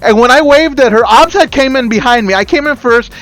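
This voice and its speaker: A man's voice: extremely high pitch, brisk, fairly bright tone, no echo, faint music behind. A man on a casual gaming podcast, ranting in an exasperated, swearing way. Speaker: podcast co-host.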